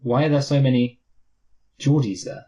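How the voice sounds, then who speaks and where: A man's voice: mid-range voice, steady tone, moderate pace, warm tone, poor audio. A man with a Mancunian accent, co-hosting a casual movie review chat, rambling and self-mocking. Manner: rambling, self-mocking, slips into silly put-on voices. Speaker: podcast co-host.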